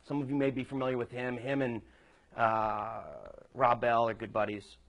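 A man's voice: medium pitch, little pitch movement, moderate pace, a bit bright. A male preacher delivering a sermon, telling a story conversationally with emphatic points.

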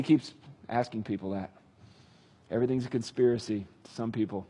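A man retelling a Bible story with casual, animated commentary. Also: mid-range voice, a little fast, long pauses, husky. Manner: animated, conversational. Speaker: Bible teacher.

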